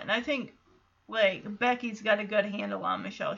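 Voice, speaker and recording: Woman podcast host, bright and chatty, a bit muffled. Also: medium pitch, normal speed, vocal fry. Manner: chatty, animated, acts out quotes. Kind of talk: casual episode recap.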